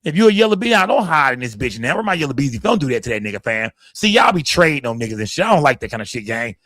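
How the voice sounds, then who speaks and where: A man from Dallas, hosting a casual livestream, talking in a rambling, profane, animated way into a close mic. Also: mid-range voice, very fast, no echo. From Dallas, Texas. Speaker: livestream host. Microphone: streaming setup, close mic.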